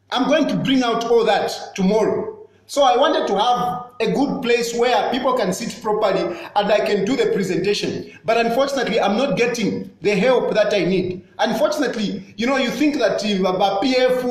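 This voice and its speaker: A man's voice: extremely high pitch, heavy reverb. A Zambian man with a Zambian accent, giving an impassioned, accusatory political address that repeats its points insistently.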